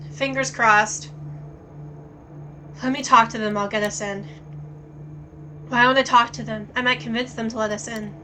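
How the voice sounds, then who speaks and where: A woman streaming a story game, reading its text aloud and thinking out loud in a casual way, with plenty of swearing. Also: a little high, a little hiss or hum, rough recording.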